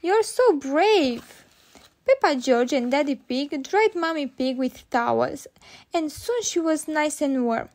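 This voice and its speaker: A woman narrating a children's storybook read-aloud with clear, steady narration. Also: sits high, unhurried. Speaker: storybook reader.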